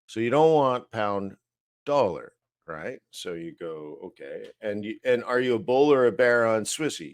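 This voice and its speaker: A man teaching trading live, walking through price charts slowly, thinking aloud with fillers and asides. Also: mid-range voice, no echo, studio quality. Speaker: trading educator.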